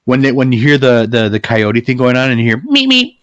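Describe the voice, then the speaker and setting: A man's voice: medium pitch, little pitch movement, quick pace. Rambling male co-host, dull lo-fi sound. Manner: rambling, repeats words. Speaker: podcast co-host. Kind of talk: casual movie review chat.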